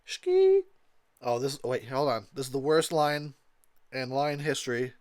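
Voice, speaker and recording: A man's voice: medium pitch, very animated, measured pace, darkish tone, dry recording, studio quality. A tipsy man giving rambling, crude commentary over a movie, laughing often. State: tipsy from drinking. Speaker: commentary host.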